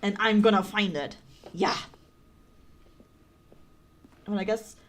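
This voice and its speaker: A woman from Germany with a German accent streams a game, her mid-range voice moving at a moderate pace. Her casual commentary is playful and giggly, with frequent swearing.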